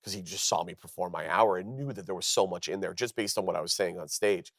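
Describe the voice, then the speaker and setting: Male stand-up, 30s, from Canada; animated storyteller who jumps up in pitch for quoted voices, low voice, dry close mic. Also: fast, dry recording. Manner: lively, acts out quoted dialogue in higher voices. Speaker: comedian guest. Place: television studio.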